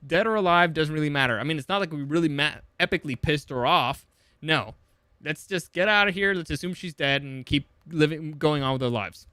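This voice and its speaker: A man's voice: fairly high pitch, fairly quick, pushed and bright, clean tone, no echo, studio quality. A man recapping a movie in a casual, sarcastic way, swearing often and rambling with lots of fillers. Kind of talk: casual comedic film summary.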